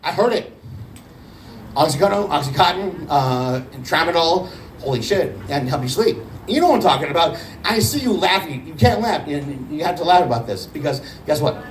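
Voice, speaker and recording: A man doing a first stand-up set, rambling and halting with many restarts. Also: on the high side, animated, distant mic, a little hiss or hum, low-quality recording. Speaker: stand-up comedian.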